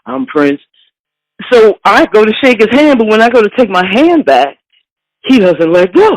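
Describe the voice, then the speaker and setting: A woman from Philadelphia tells an animated anecdote with energy, as a guest in an interview. Her voice sits high, and the recording is dry and close. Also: normal speed, dry recording, rough recording. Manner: lively anecdote with voiced quotes. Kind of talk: animated storytelling.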